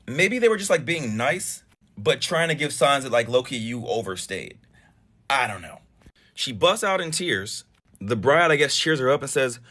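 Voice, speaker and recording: Man, reaction commentary, casual, incredulous, sarcastic, bright tone, lively pitch. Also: moderate pace. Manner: incredulous, animated, sarcastic asides.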